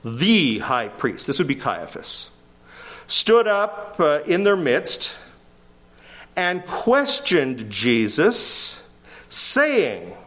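An older man preaching a verse-by-verse sermon, animated, his voice climbing sharply when he quotes. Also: on the high side.

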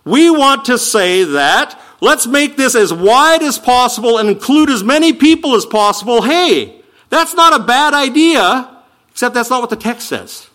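A man preaching a sermon, teaching verse by verse and slowing down to stress key words. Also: very high-pitched. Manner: animated, emphatic teaching with slow stressed quotes.

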